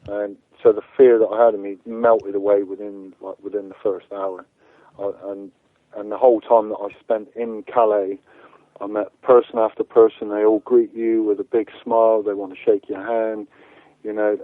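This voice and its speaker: A man speaks over a tinny, phone-like line in a fairly low voice that sounds dry and close. He talks earnestly as an activist guest, stumbling over his words and repeating them as he goes. The line is thin and narrow. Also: level tone, no echo. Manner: halting, repeats words often. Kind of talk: earnest interview answers.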